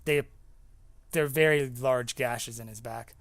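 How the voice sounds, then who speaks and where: A man's voice: mid-range voice, takes it slowly, a bit bright, no room sound. Young male game master, casual narration, filler-heavy, mid-range voice.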